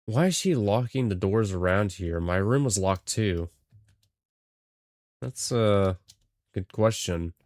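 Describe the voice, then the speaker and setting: A man's voice: lowish voice, expressive, slow, long pauses, darkish tone, no room sound, clean studio sound. A man playing a horror game, reading the text aloud with hesitant muttered asides. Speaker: game streamer.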